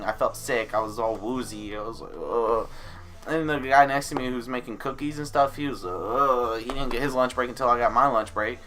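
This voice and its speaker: Animated young man telling a rant story. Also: lowish voice. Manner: animated, acts out voices of coworkers. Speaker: vlogger.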